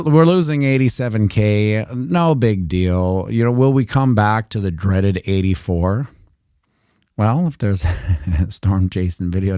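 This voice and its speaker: A man's voice: low-pitched, dark tone, dry recording, studio quality. A Canadian man giving casual, rambling commentary on crypto price charts during a livestream, with jokey asides.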